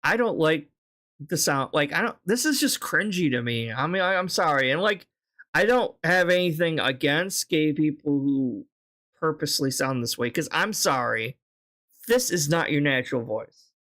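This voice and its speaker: Guy streamer reacting to clips, kinda high voice, blunt and sweary, casual. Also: animated, moderate pace, a bit bright. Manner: blunt, frank, swearing, repeated apologies.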